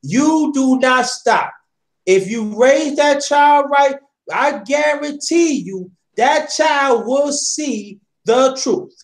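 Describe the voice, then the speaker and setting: A man with a strikingly high voice hosts a loose, heartfelt conversation. He preaches straight at his listeners, circling back over his points again and again. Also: animated, slow pace. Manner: preachy, repeats himself, addresses listeners directly. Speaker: host. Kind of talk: impassioned casual chat.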